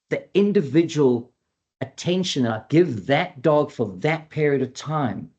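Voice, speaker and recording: A man who trains dogs giving an earnest educational webinar talk, repeating his key points and acting out quoted dialogue. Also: on the high side. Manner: acts out quoted dialogue in a lively voice. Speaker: dog behavior trainer.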